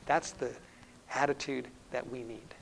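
Earnest preacher man, rising and hushing. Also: mid-range voice, steady tone, a little slow, vocal fry, slight background noise, low-quality recording. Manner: earnest, swells loud then drops to a hushed tone. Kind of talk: sermon.

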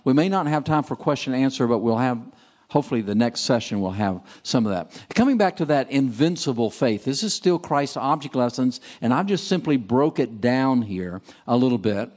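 A man preaching at a seminar, reading passages aloud and asking his listeners questions. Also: mid-range voice. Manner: lively, asks the audience questions. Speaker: seminar speaker. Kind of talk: sermon.

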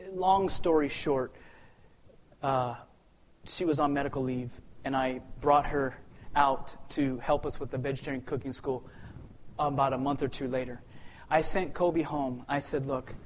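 High-voiced man telling a lively story. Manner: acts out the dialogue, voice swings from loud to hushed; repeats words when restarting. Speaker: speaker sharing a personal testimony. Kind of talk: animated storytelling.

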